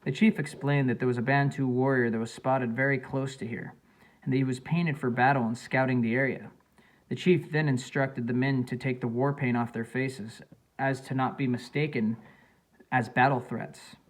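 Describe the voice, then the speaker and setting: A man narrating an audiobook in a plain, slightly halting reading style. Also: medium pitch, rough recording.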